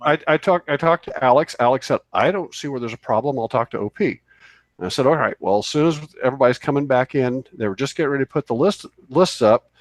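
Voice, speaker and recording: A man's voice: medium pitch, fast talker, dry recording. Chatty man telling a rambling story. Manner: rambling with many fillers and restarts. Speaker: co-host. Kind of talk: casual storytelling on a radio show. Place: radio studio.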